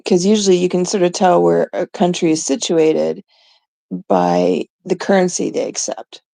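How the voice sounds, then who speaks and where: A woman's voice: fairly low pitch, expressive, moderate pace, creaky, mellow, no room sound. A middle-aged woman from Canada ranting casually and profanely to her viewers. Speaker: vlogger. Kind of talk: casual rant to camera.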